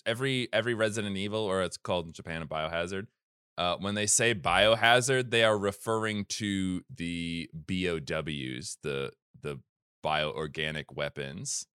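A man's voice: low-pitched, normal speed, bright, forceful tone, clear, resonant tone, no room sound, studio quality. A man hosting a casual comedy podcast, recapping a story with a rambling, jokey manner and lots of fillers. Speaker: podcast host recapping game lore.

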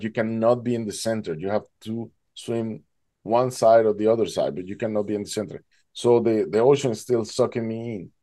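A man telling a dramatic survival story in an animated way, his voice jumping high when he acts out panic. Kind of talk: emotional storytelling.

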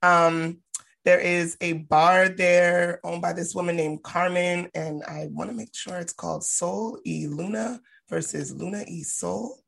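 A woman's voice: fairly low pitch, measured pace, gravelly. A woman co-hosting a podcast, telling a story casually with lots of profanity and acted-out quotes. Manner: animated, profane, acts out quoted people. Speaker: podcast co-host.

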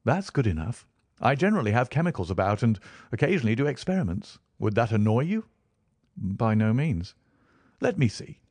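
A man voicing an eager, brilliant young male detective, talking quickly and enthusiastically in a raised voice. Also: medium pitch, very animated, darkish tone, slightly rough, no room sound, voice pushed up. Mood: lively.

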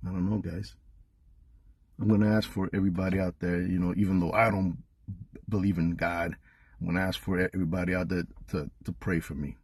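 A man delivers a furious, swear-laden rant, his low voice husky and breathy. The recording is dry and close, with no room sound around him. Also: level tone, a little fast, no room sound. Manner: heated, swearing, swings from loud to muttered. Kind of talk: angry profane rant.

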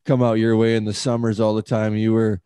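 A man's voice: lowish voice, level tone, a little fast, dark tone, smooth, dry recording. A man hosting a podcast, telling rambling stories in casual chat, swearing freely and laughing often. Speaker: podcast host.

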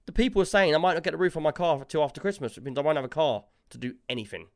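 Rapid-fire and fairly high-pitched, this man tells a long story in casual conversation. He animates it by quoting, line for line, the people he argued with.

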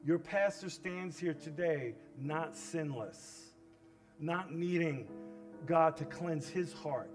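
A male pastor making an impassioned altar call during a sermon, moving from hushed pleading to loud cries. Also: fairly high pitch, slow pace, faint music behind.

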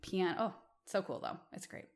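A woman's voice: lowish voice, huge pitch swings, normal speed, creaky, darkish tone. A woman co-hosting a casual podcast chat, speaking with enthusiasm about music. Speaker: podcast co-host.

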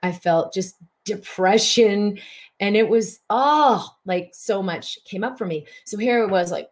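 A middle-aged woman hosting a live broadcast, giving a spiritual coaching talk with animated, breathy exclamations. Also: medium pitch, normal speed.

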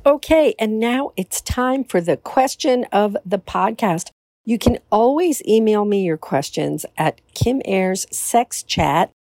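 Brief: woman podcast host, frank and self-assured, lively swooping pitch, dry close recording. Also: slow pace, no room sound. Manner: candid, animated, self-assured. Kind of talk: casual solo podcast.

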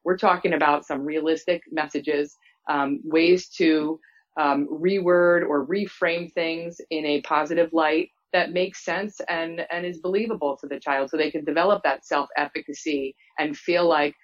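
A woman guest and co-author explaining parenting ideas in a measured way on a podcast. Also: low-pitched, fairly even intonation, dull audio. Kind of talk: podcast discussion.

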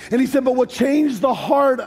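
A very high-pitched, slightly mellow male voice at normal speed belongs to an American pastor delivering a sermon. He weaves stories and jokes before building to sung emphasis. The large church hall gives long reverb, with faint music behind.

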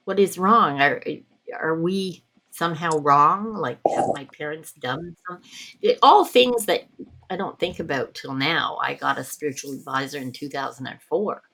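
Middle-aged Canadian woman guest, candid storyteller, low-ish register. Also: moderate pace, sharp tone. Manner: reflective, laughs often mid-sentence. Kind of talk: podcast conversation.

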